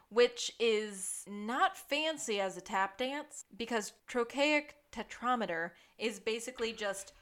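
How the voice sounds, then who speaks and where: A woman's voice: on the high side, expressive, takes it slowly, hardly any pauses, a bit bright. A woman co-hosting a podcast, chatting casually about a TV episode, laughing often and adding playful asides. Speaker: podcast co-host. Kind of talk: casual recap chat.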